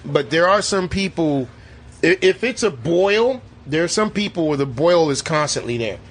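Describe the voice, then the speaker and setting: A man casually reviewing a movie with a co-host, animated and profane, acting out scenes as he talks. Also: a little high, moderate pace. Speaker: podcast co-host. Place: movie theater.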